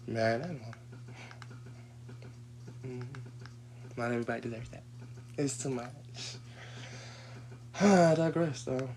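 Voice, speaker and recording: A man's voice: mid-range voice, slight background noise. A man in a profane, rambling rant that he breaks up with frequent laughs. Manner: profane, laughs often, heated.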